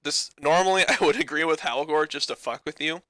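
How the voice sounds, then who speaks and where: Bright-voiced young man running a tabletop game. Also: fairly high pitch, fairly quick. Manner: improvised rhyming narration with loose fillers. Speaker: game master.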